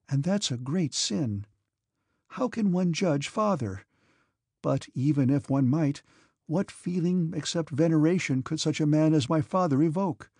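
A man voicing a gentle, devout, timid young princess in an audiobook, earnest and pleading. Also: fairly high pitch, unhurried, slightly rough, no room sound, studio quality, voice pushed up. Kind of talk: audiobook character reading.

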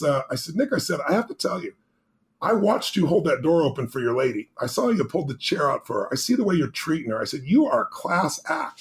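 A middle-aged man, a podcast guest, telling a personal story with intensity, moving between loud and hushed moments. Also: a little high.

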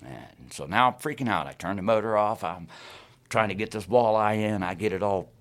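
A man's voice: lowish voice, moderate pace. A man casually telling a fishing story on a podcast, acting out his own lines and laughing along. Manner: animated, acts out his own quotes, laughs through the story. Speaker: guest storyteller.

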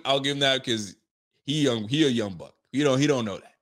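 A man hosting a casual live-stream about football, reading viewer comments, swearing, laughing and getting excited in fast slangy talk. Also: mid-range voice.

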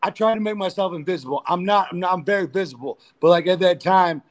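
A man's voice: high voice, fast. A man, a pro wrestler guest, telling crude, profane backstage stories in a casual interview. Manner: profane, animated storyteller.

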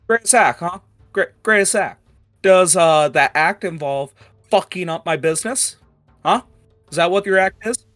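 A man voicing a short, furious male dwarf foreman who barks gruff, cursing orders. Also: high-pitched, moderate pace, soft background music, voice pushed up. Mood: mocking. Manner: yelling, cursing, bossy.

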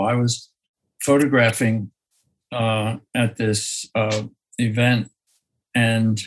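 A man, a photographer, talking in a slow, thoughtful way in an interview, often restarting his sentences and laughing softly. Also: medium pitch, breathy edge, poor audio. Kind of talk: reflective conversational interview.

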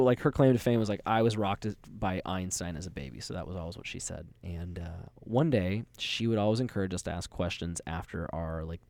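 A young man with a fairly low voice tells a long, meandering story on a podcast, peppering it with casual swearing and quick laughs. The sound is close and dry, with no room around it. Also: darkish tone, dry recording. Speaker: podcast co-host.

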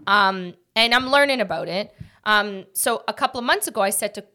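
A woman hosting a casual podcast chat, talking quickly and jumping from one thought to the next like an animated storyteller. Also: medium pitch. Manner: rapid, jumps between thoughts. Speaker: podcast host.

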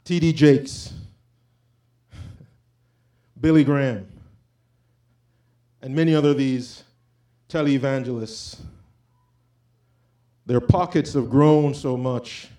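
A man's voice: mid-range voice, takes it slowly, long pauses, warm tone. A man giving an informal, impassioned sermon, talking conversationally and quoting scripture. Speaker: preacher.

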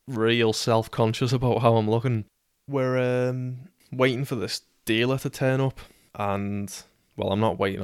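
A man's voice: medium pitch, smooth, dry recording, clean studio sound. A man in his twenties with a British accent, telling a personal story casually, sweary and self-deprecating. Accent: British English. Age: 20s.

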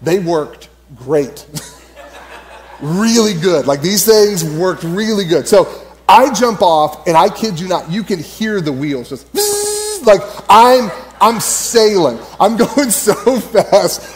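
A man's voice: sits high, big pitch swings, takes it slowly, slight background noise. A man giving a casual, storytelling sermon at church, rambling with lots of fillers and frequent laughter. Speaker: church speaker.

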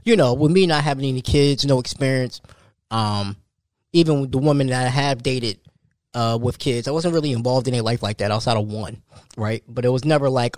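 A man, hosting a solo podcast and telling an animated story. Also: fairly quick, no room sound, clean studio sound. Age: 30s. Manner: animated storytelling, jumps high for quoted voices. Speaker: podcast host.

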